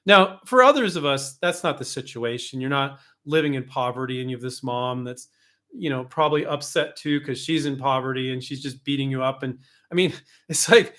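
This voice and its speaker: A man's voice: mid-range voice, brisk, fairly bright tone. A man hosting a show on invention licensing, talking frankly and animatedly, with casual cursing and frequent restarts. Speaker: host, invention licensing coach. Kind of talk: casual advice talk.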